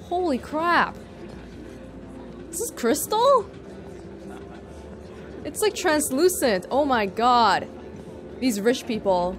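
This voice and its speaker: A woman's voice: sits high, expressive, takes it slowly, long pauses, music in the background. A woman hosting a let's play, chatting casually and sarcastically over the gameplay.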